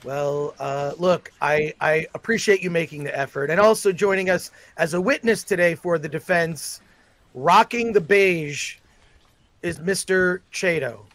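A man with a notably high voice presides over a livestream as a mock judge, speaking with formal courtroom gravity broken up by frequent fillers. He comes through a video call. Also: unhurried, a bit bright, dry recording.

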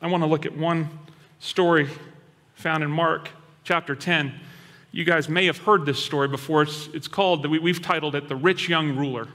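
A male pastor preaching a sermon in an animated storytelling manner. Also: fairly high pitch, moderate pace. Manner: animated storytelling, acting out quoted voices. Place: church hall. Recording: long hall reverb.

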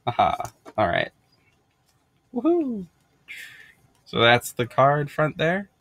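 An American man chatting through an unboxing in a bubbly, rambling way, giggling often. His voice sits at a medium pitch. The sound is dry and close. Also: big pitch swings, a little slow, creaky, fairly bright tone, no echo. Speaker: podcast host. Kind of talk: casual unboxing vlog.

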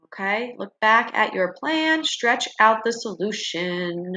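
A woman's voice: mid-range voice, expressive, slow pace, sharp tone, a little hiss or hum. A woman teacher walking students through their assignments in a recorded online class, explaining step by step and checking in with frequent "okay" and "right.".

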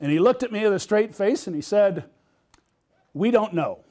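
High-voiced man giving a keynote. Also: expressive, normal speed, a little mellow. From United States. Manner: storytelling, asks the audience questions. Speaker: keynote speaker. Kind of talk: conference keynote talk.

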